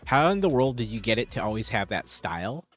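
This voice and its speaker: A man's voice: mid-range voice, very animated, fast, soft background music. A man chatting casually on a live stream, rambling as he answers viewers' chat.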